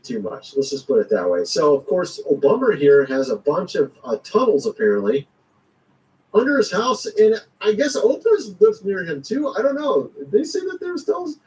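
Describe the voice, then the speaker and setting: Casual vlogger, man, higher voice, rambling slangy delivery, sits a bit off-mic. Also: very animated, normal speed, darkish tone, far from the mic, low-quality recording. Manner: rambling, slangy, chuckles often. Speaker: commentary vlogger. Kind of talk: casual political commentary.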